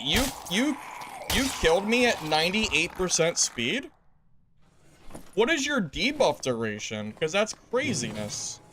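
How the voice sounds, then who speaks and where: Young man streaming, lively, exasperated. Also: background noise. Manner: exasperated, swings between loud laughing disbelief and low muttering. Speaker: game streamer. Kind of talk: casual gaming commentary.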